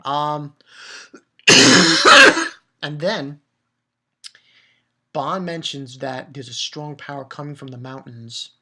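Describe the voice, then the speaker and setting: A man giving a casual, rambling review of a manga chapter. He chuckles often and jumps into higher voices for the characters he quotes. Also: sing-song, slow pace, long pauses, bright, forceful tone.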